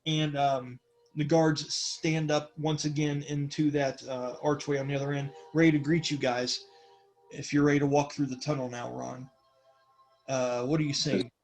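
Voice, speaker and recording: A man's voice: a little high, little pitch movement, normal speed, soft background music. A man narrating a tabletop game as game master, rambling with many fillers.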